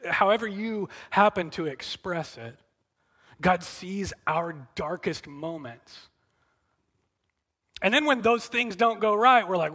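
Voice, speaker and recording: Earnest bright-voiced male preacher. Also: high voice, a little slow. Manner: earnest and animated, acting out quotes then dropping to soft intimate tones. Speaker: pastor. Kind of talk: sermon.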